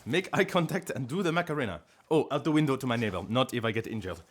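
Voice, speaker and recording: A man's voice: medium pitch, animated, fast talker. A man speaking English in a put-on French accent, chatting casually on a live stream in a rambling, playful, self-mocking way from his home. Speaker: streamer and voice actor. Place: at home, indoors.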